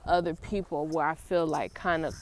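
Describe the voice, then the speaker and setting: A woman in her twenties chatting casually to camera as a vlogger, animated and playful, turning aside now and then to talk to her young son. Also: deep voice, moderate pace. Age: 20s. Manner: animated, talks to her child while filming; playful, acts out grandkids and her mother.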